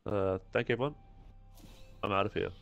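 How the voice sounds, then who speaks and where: A man's voice: lowish voice, fairly quick, creaky, muffled recording, soft background music. A man streaming a shooter game, chatting to himself and his viewers in a casual, running commentary. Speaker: gaming streamer. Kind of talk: live gameplay commentary.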